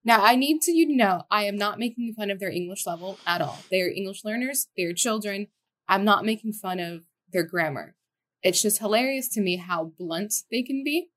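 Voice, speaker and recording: A woman's voice: mid-range voice, lively intonation, a little fast, fairly bright tone. Chatty young woman teacher. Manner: chatty, giggly storyteller. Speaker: podcast co-host, teacher abroad. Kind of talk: casual chat.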